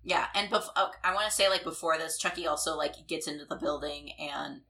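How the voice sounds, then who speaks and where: Low, bright-voiced woman co-host. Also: a little fast. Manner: casual, many fillers, laughs easily. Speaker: podcast co-host. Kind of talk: casual film discussion.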